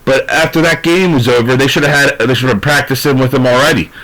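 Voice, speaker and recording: A man's voice: mid-range voice, fast, a bit bright, rough recording. A man ranting through a sports recap, profane, frustrated and rambling. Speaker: sports commentator.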